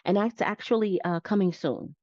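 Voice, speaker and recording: A woman's voice: medium pitch, moderate pace, darkish tone, no echo. A woman nurse practitioner being interviewed, explaining her practice in plain step-by-step terms. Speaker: psychiatric nurse practitioner guest. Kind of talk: conversational interview. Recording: dull lo-fi dry sound.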